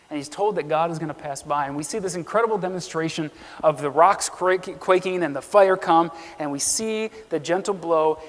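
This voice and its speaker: A man preaching an earnest sermon in a church, reading scripture aloud and acting out the quotes. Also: a little high. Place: church sanctuary. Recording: long reverb of a church hall.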